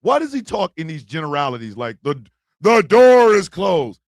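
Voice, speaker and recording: A man hosting a comedic live stream, joking loudly and swinging between shouts and mutters. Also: fairly high pitch, sing-song, normal speed, no echo. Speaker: livestream host.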